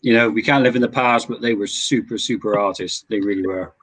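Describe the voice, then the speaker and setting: A man's voice: fairly low pitch, steady tone, brisk, fairly bright tone. A man guesting on a casual podcast, speaking in an easygoing, enthusiastic way. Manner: easygoing, enthusiastic about eighties rock. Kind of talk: casual chat.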